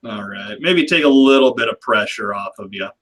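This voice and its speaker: A man's voice: lowish voice, expressive, normal speed, a crowd in the background, rough recording. A man hosting a livestream panel in casual chat, talking loosely and rambling with a self-deprecating humor. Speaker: livestream host.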